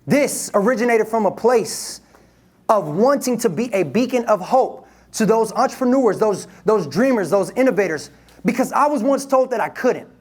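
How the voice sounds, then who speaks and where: A Detroit motivational speaker in his twenties gives a live talk in an event room, energetic and playful, leading the audience in call-and-response. His voice is high, and the live room recording picks up crowd and noise.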